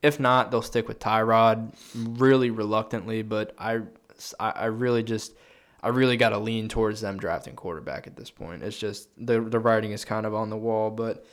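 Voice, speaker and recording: A man's voice: on the low side, fairly even intonation, moderate pace. A young man co-hosting a sports podcast, chatting casually in a rambling, profane way. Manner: profane, rambling, thinks aloud. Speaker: podcast co-host.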